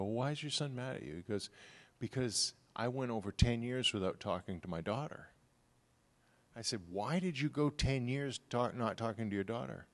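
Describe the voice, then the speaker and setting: A middle-aged pastor giving a sermon in a relaxed, conversational way, telling stories and acting out the people he quotes. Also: on the low side.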